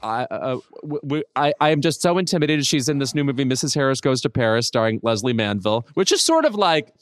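A man's voice: medium pitch, sing-song, quick pace, clean tone, no echo, studio quality. Wry man co-hosting a podcast. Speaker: podcast co-host. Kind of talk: casual pop culture chat.

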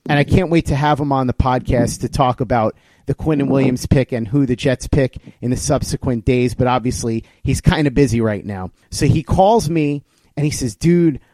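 Man, podcast host, warm mellow tone, dry close sound, excited storytelling. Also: mid-range voice, no echo. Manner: excited storytelling, animated retelling. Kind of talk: casual podcast chat.

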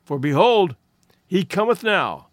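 A man voicing a weazened old hunter who cackles and squeaks. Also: big pitch swings, measured pace, no room sound, studio quality. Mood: gloating. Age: older.

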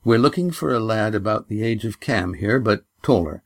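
A man voicing a calm, patient traveller who speaks steadily. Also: lowish voice, moderate pace, no echo.

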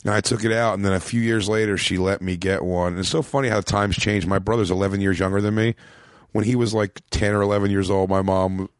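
A rambling man trades stories in loose podcast chat and leans on "like" constantly. His voice sits low, and the sound is dry and close, with no room around it. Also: steady tone, quick pace, dry recording. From Philadelphia, USA. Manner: rambling storyteller, lots of "like" fillers. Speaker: comedian, podcast guest. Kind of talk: casual chat.

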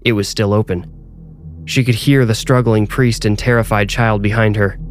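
A man reading a scripted horror story in a measured, suspenseful way. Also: lowish voice, steady tone, slight background noise. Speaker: narrator and author.

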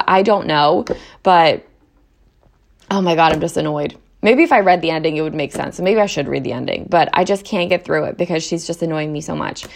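A woman's voice: fairly low pitch, vocal fry. A young woman chatting casually to camera as a book reviewer, talking in an exasperated, rambling way with lots of fillers.

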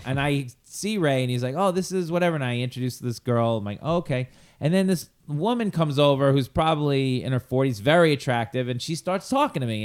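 A man's voice: mid-range voice, clean tone. Long Island man telling stories. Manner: animated, jokey, quick asides. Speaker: podcast host. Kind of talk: casual comedic storytelling.

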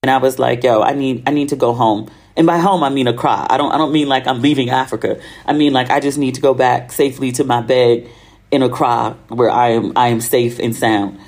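An American woman hosting a podcast, telling travel stories in a chatty, animated way and acting out the voices of people she quotes. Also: very deep voice, a little fast. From United States. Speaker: podcast host. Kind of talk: casual monologue.

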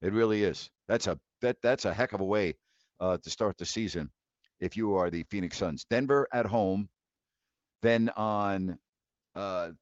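Blunt and ranting, a man in his fifties hosts a live sports call-in program, often restarting and laughing in disbelief. He speaks at a measured pace in a lowish voice, and the recording is a dry, dull lo-fi mic with no room sound.

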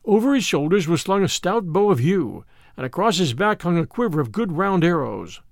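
A man narrating a classic adventure tale as an audiobook, reading in an expressive, theatrical way. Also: high-pitched, normal speed, creaky, no room sound, clean studio sound.

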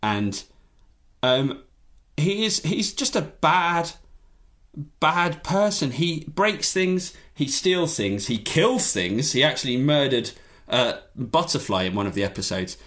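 A man's voice: fairly high pitch, big pitch swings, slow pace, a bit bright. A man, a journalist guest on a podcast, ranting in mock outrage with a sardonic, comic edge. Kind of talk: casual podcast chat.

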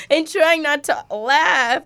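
A young woman co-hosting a podcast, a mother telling an animated, profane story in casual chat. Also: sits high, very slow. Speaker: podcast co-host.

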